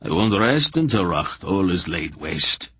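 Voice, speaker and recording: A man's voice: low-pitched, very animated, a little slow, bright, forceful tone, slightly rough, dry recording, heavily acted. A man reading an audiobook, voicing a zealous fighter who mutters his words in a fervent, strangled way. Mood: vowing.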